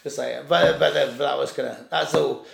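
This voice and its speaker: Gravelly man telling a rambling story. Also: fairly high pitch, steady tone, brisk. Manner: rambling, restarts, swears, acts out voices in anecdotes. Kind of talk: casual storytelling chat. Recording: echoey room.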